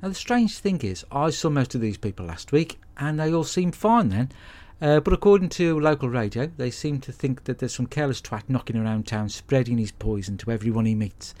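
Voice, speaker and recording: A man's voice: medium pitch, expressive, brisk, few pauses, a little mellow. A middle-aged man, giving a blunt, sweary comic monologue as podcast host. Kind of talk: comic monologue with film recap.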